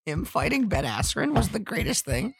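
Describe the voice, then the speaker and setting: A man co-hosting a casual podcast, excitable and giggly, swearing a lot, on a close mic. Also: sits high, normal speed, gravelly, breathy edge, no echo. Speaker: podcast co-host.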